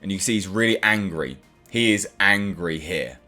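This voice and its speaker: A man's voice: deep voice, expressive, moderate pace, bright, forceful tone, soft background music. A man hosting his own channel, giving a casual and enthusiastic spoken review of a TV episode. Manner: enthusiastic, chatty, acts out characters' lines.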